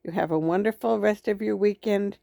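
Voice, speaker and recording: A middle-aged woman talking to her viewers in a casual, heartfelt and encouraging way, and quick to get emotional. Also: mid-range voice, gravelly, warm tone, no room sound, studio quality. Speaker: network marketer vlogger.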